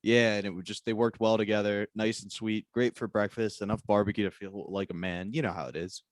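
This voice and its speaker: A man co-hosts a loose comedic podcast, tossing in short, dry jokes. His voice sits low, and the sound is close and dry. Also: fairly even intonation, brisk, no room sound. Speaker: podcast co-host. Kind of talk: casual comedic podcast chat.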